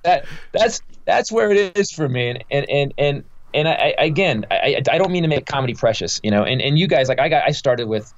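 A man's voice: a little high, expressive, brisk, hardly any pauses, no room sound. Male comic guest, fired-up and foul-mouthed, stumbles over his words; dull, dry podcast sound. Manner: profane, heated, rambling with many restarts. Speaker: guest comedian. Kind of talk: casual podcast interview storytelling.

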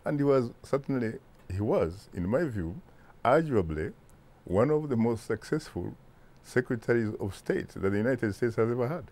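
A Ugandan-accented man in his sixties, answering interview questions in a deliberate, emphatic way with rhetorical asides. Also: mid-range voice, animated, a little mellow. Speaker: interview guest, broadcast journalist.

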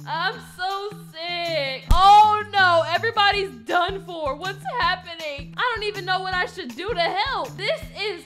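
A woman's voice: very high voice, unhurried, few pauses. A woman narrating a game roleplay in a playful, dramatic, mischievous way. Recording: clear background music under voice. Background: background music.

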